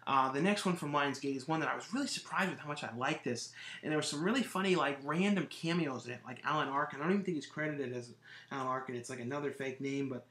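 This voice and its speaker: A man's voice: a little high, fast talker, sharp tone. A man casually talking through his latest movie collection on his vlog, rambling with lots of fillers and restarts. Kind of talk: casual review monologue. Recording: roomy echo.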